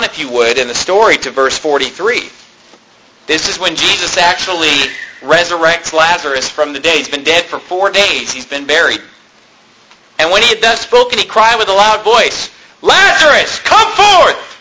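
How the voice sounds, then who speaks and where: A man's voice: high voice, noisy background. A man preaching a sermon, reading scripture and retelling it in plain, conversational terms with frequent rhetorical questions.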